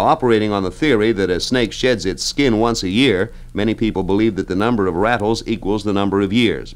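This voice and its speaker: Breezy man hosting a radio trivia spot. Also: lowish voice. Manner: breezy, folksy, chatty delivery with asides. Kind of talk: scripted radio trivia segment. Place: radio studio.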